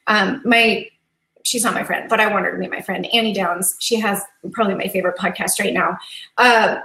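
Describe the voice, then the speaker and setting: A woman's voice: mid-range voice, fairly quick, fairly bright tone. Chatty woman in an echoey room. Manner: chatty and earnest, gets teary, laughs easily. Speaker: host of a live coffee chat. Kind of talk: casual live-stream chat.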